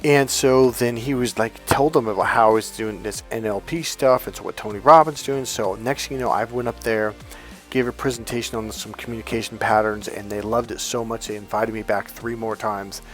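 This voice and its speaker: A man's voice: on the low side, fairly even intonation, brisk, fairly bright tone, soft background music. A man, a dating coach, telling a rambling personal story in a casual way, swearing freely and correcting himself as he goes. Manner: rambling, self-correcting, swears casually, acts out past dialogue.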